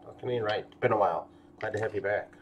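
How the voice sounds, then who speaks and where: A man's voice: lowish voice, fast talker, highs cut off, a little hiss or hum. A man hosting a casual livestream, joking and swearing freely. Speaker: livestream host. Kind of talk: casual chat.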